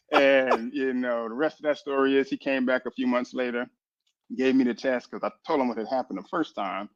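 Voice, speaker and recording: A man in his fifties from Boston, a military chaplain telling his story as a radio interview guest, lively and full of acted-out dialogue. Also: medium pitch, fairly quick. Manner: animated, lively storyteller who acts out dialogue. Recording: dull lo-fi radio audio.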